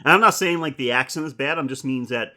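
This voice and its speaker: A man's voice: mid-range voice, fast, sharp tone. A man co-hosting a horror film podcast in casual chat, rambling, swearing and laughing often. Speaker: podcast co-host.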